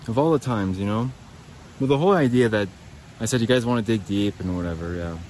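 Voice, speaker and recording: A man hosting his own podcast talks to himself outdoors by a creek, rambling from thought to thought. His voice sits a little low. He swears freely and pokes fun at himself, with faint outdoor noise around him. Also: a little fast, darkish tone, poor audio. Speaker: podcast host.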